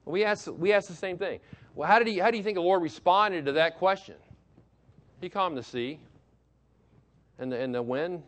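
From behind a church pulpit, a male pastor with a high, fairly bright voice preaches at normal speed, pausing often. He reads scripture aloud, poses questions to the congregation, and repeats key phrases for emphasis.

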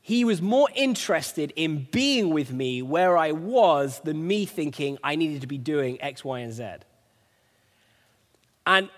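A man's voice: fairly high pitch, lively intonation, measured pace, big-room sound. A man preaching in an earnest, conversational way, telling a personal story. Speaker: preacher sharing a testimony. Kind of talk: conversational sermon.

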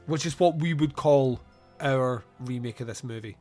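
A man's voice: mid-range voice, moderate pace, warm tone, soft background music. A man hosting a podcast, chatting casually about a film, laughing often and acting out lines in silly voices. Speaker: podcast host. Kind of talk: casual film review chat.

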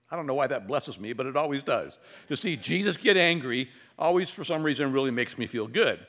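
A male pastor delivering an expository sermon. His pitch rises and falls widely as he reads and explains scripture. He slips in wry humor and leans on dramatic pauses. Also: a bit bright.

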